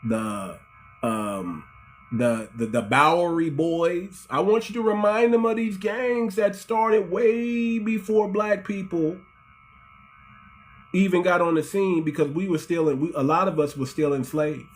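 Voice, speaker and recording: Animated American man, talking to his audience. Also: high-pitched, a little slow. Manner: animated, repeats phrases, addresses audience as family. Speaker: host. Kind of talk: casual livestream commentary.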